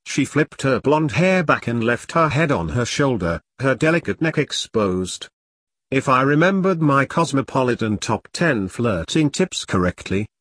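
A man narrating a first-person detective novel in a wry, deadpan, self-mocking way. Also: medium pitch, breathy edge, dry recording, studio quality. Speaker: audiobook narrator.

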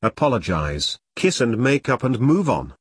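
A man's voice: mid-range voice, sing-song, moderate pace, slightly rough, no echo. A man voicing a senior male soldier firmly telling a comrade off. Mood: stern. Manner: firm, lecturing.

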